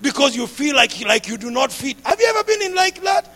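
A man preaching a sermon with passion, repeating phrases and building up to shouts. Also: extremely high pitch, very animated, brisk.

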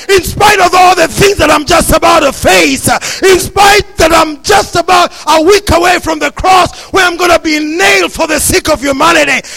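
A man preaching, voicing a holy man who shouts fervently that he feels faith reaching him. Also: very high voice, gravelly, heavily acted.

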